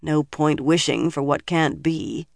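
A woman's voice: deep voice, a little slow, vocal fry, no room sound, heavily acted. A narrator voicing a stern, commanding older woman leader with a hard, dry manner, in a dry studio audiobook reading. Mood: measured.

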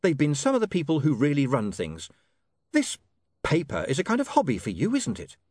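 A man putting on a sharp indignant young woman. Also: a little high, huge pitch swings, a little fast, no echo, clean studio sound, voice pushed up. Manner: snappy, heated, lecturing.

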